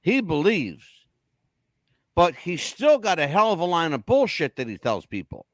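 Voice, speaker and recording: A man hosts a podcast with blunt, profane, animated storytelling. His voice sits fairly high and swings widely in pitch. The sound is dry and close. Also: normal speed, no room sound. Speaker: podcast host. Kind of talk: casual chat.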